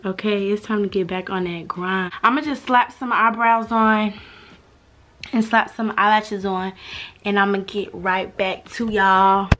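A woman's voice: mid-range voice, steady tone, measured pace, a bit bright, a little hiss or hum. A young woman, vlogging casually and chatting straight to her viewers in a bubbly, slangy way, recorded on a handheld phone. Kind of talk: casual vlog chat to camera.

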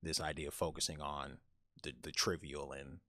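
Animated man telling a story, dry mic. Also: rumbling low, moderate pace, no echo. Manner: animated storyteller, frequent restarts. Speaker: podcast co-host. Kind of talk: casual podcast chat and storytelling.

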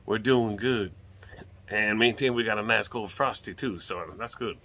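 A man's voice: on the low side, normal speed, background noise. A middle-aged man from Hawaii with a light lilt, rambling casually and swearing now and then as he chats on his porch. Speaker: vlogger. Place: outdoors on a home porch.

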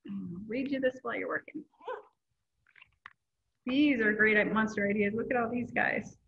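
A woman's voice: fairly high pitch, normal speed, gravelly, slightly rough. A woman teaching a children's art class, encouraging the kids and reading a picture book aloud. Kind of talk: kids' class instruction and read-aloud. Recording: tinny lo-fi phone-like audio.

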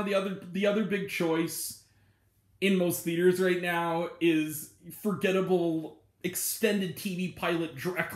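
On his own channel, a man with a strikingly high voice offers a relaxed spoken movie review. He wanders cheerfully through it, using many fillers and laughing as he recounts scenes, with a roomy echo in the audio.

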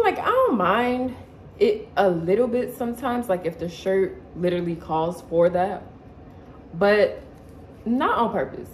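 A young woman chatting casually in her living room, excitable and slangy, as a vlogger showing clothes. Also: medium pitch, slight background noise, poor audio. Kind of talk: casual haul video chat.

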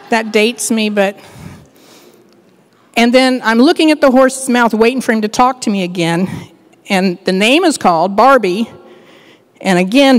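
An older woman delivers a sermon, her voice pitched a little high and trailing a long reverb through the church. She tells stories with humor and playful asides. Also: moderate pace. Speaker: guest speaker. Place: church sanctuary.

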